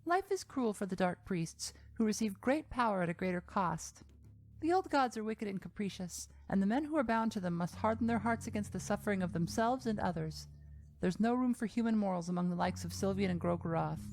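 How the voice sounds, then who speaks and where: Calm woman narrating a video essay. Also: mid-range voice. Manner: measured, calm storytelling delivery. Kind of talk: scripted narration.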